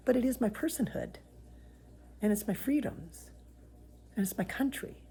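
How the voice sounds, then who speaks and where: A woman's voice: medium pitch, a little slow, vocal fry, pauses often, dark tone, breathy edge. A woman from Canada talking straight to camera in an earnest, pained personal monologue, sometimes dropping to a whisper. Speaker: vlogger sharing her views.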